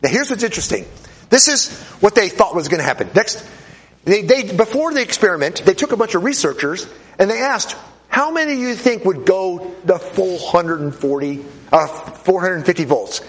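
A man giving a classroom lecture to an audience, animated and urging, repeating himself as he runs a live demonstration and acts out voices. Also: sits high, normal speed.

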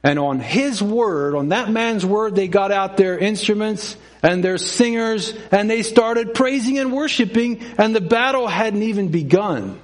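A middle-aged man preaching a sermon, his voice sitting a little high. He tells stories and acts out the people in them, breaking off into self-questioning asides. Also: unhurried, few pauses.

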